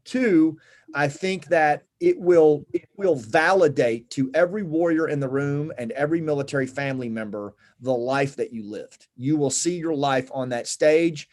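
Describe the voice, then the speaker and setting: A middle-aged man, a guest on a conversational show, telling a personal story in an earnest, reflective way with halting pauses and fillers. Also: fairly high pitch, darkish tone.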